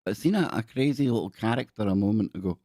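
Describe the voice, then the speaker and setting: A man's voice: on the low side, expressive, quick pace, mellow, no room sound, studio quality. A man hosting a live stream, rambling and joking as he reads captions aloud in casual commentary. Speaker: live-stream show host.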